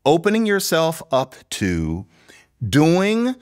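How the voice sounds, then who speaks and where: A man speaking as a linguist guest in a conversational interview, explaining in a lively, professorial way. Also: a little high, slow pace, clean tone. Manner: lively, professorial, imitates accents playfully.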